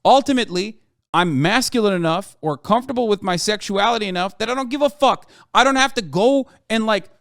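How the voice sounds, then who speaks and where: A man's voice: high-pitched, a little fast, a bit bright, no room sound, studio quality. A man streaming a heated, profane and sarcastic rant reacting to the news. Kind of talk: ranting commentary.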